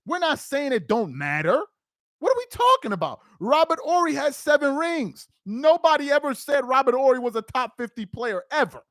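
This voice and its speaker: A man's voice: very high-pitched, sing-song, moderate pace, hardly any pauses, no echo. Exasperated man ranting into a dry mic. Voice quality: exasperated, incredulous, loud outbursts. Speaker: reaction video host. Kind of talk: ranting commentary over a played clip.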